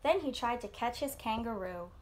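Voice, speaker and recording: Teacher lady reading a kids story, bouncy sing-song voice, acts out the lines. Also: normal speed. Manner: expressive, voices characters with lifted pitch. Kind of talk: storybook read-aloud. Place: home online class.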